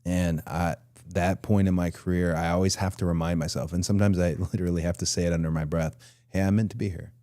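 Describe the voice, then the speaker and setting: Host, man in his forties, low mellow voice, loose rambling questions. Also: flat delivery, fast, hardly any pauses, no echo, clean studio sound. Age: 40s. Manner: rambling, restarts his thoughts. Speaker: podcast host. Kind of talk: casual interview chat.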